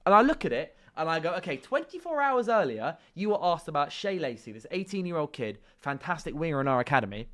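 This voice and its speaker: A man's voice: a little high, big pitch swings, fast, few pauses, fairly bright tone. Emphatic man hosting a football talk show. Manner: emphatic, repeats points, acts out quotes. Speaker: show host. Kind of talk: sports talk show discussion.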